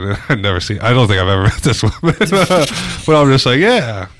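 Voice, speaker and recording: A man's voice: medium pitch, lively intonation, a little fast, a bit bright. A young man co-hosting a podcast, telling crude stories in casual chat and laughing as he goes. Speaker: podcast co-host.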